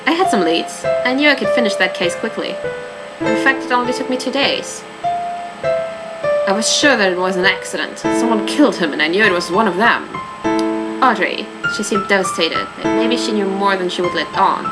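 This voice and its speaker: A woman's voice: medium pitch, moderate pace, loud music behind the voice, natural voice, low-quality recording. A woman voicing a blunt detective in a mystery game, asking pointed questions and narrating the case in a matter-of-fact way. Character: hard-nosed detective questioning murder suspects.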